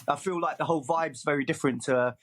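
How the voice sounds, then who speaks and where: Chatty man with a higher voice. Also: fast, fairly bright tone. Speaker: podcast co-host. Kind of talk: casual chat.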